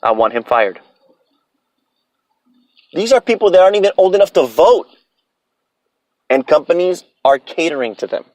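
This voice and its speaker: A man's voice: sits high, lively intonation, a little fast, pauses often, a little mellow, no room sound, rough recording. A man in his thirties hosting a solo podcast, ranting bluntly and profanely about his opinions. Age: 30s. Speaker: podcast host.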